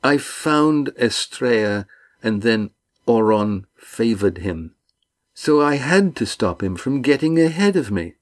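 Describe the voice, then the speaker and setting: A man's voice: medium pitch, expressive, slow pace, voice pushed up. A man reading the part of a scheming young sailor, now beaten, speaking in a pleading, miserable way. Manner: whiny, pleading.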